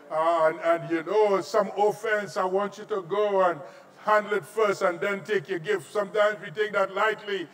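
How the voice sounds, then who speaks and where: A middle-aged Trinidadian pastor preaches in a high-pitched voice, dropping to quiet asides and then rising into shouts. He sits at some distance from the mic in a large auditorium. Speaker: visiting pastor. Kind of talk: sermon.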